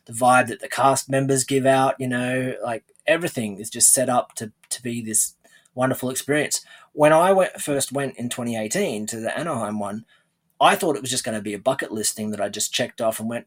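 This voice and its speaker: A man hosting an interview podcast, chatting casually and rambling with restarts and laughs. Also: medium pitch. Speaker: podcast host.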